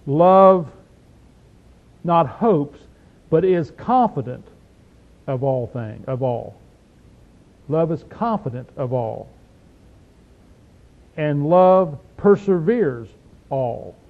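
A man with a drawl leads an informal Bible study, drawing out each verse before he unpacks it in plain, emphatic talk. His voice sits a little high for a man. It comes through a thin, phone-like old tape recording. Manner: folksy, emphatic, reads verses slowly then explains. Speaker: Bible teacher.

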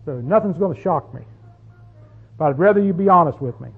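A man's voice: on the high side, lively intonation, brisk, husky. A man preaching a sermon as pastor, folksy and conversational, often asking the congregation questions. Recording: tinny phone-like sound.

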